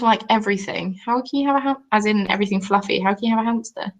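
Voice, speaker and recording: A woman's voice: medium pitch, racing, lo-fi sound. Girl in her 20s chatting on a craft livestream, rambly, answers the chat. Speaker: craft YouTuber. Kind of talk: live stream chat.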